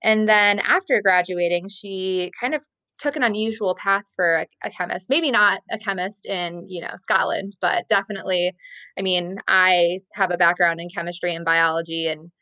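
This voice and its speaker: A woman's voice: on the low side, fairly even intonation, normal speed, sharp tone, no echo. A woman co-hosting a casual podcast chat from home, presenting her research with many hesitations. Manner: chatty, hesitant with many ums. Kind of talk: casual chat on a video call.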